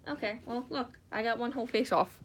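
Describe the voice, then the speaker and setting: A woman chatting casually while she crafts, giggling often and breaking into excited squeals. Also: on the high side, brisk. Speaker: fursuit maker streaming live. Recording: distant mic with faint background noise.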